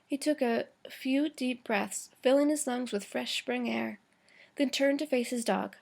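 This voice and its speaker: Woman teacher, higher voice, reads a chapter aloud to the class, slow, fixes her own slips. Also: creaky. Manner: slow, careful reading with small stumbles and self-corrections.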